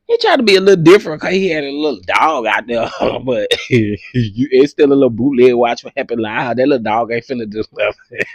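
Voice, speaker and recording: A man's voice: mid-range voice, animated, dry recording. Giggly man in casual commentary. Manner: laughing fits, drawn-out teasing, slangy. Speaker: commentary host.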